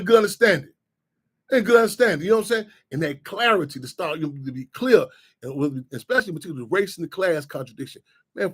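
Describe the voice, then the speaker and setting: Fast-talking high-voiced man rambling. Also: fairly bright tone. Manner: rambling, repeats "you know what I'm saying". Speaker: radio show host. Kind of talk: casual monologue.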